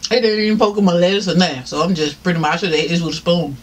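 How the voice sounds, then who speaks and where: A mukbang vlogger with a Southern US accent chats casually to viewers while eating on camera, laughing often and saying "y'all". His voice is high and very fast.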